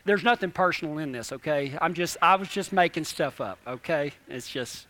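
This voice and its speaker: A young man, preaching a sermon in an animated, folksy storytelling way with lots of repetition. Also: fairly high pitch, moderate pace, hardly any pauses. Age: 20s.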